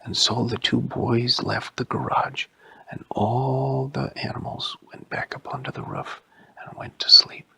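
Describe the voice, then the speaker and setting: A man telling a bedtime story in a slow, hushed, often whispered voice. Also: medium pitch, big pitch swings, creaky, slightly rough.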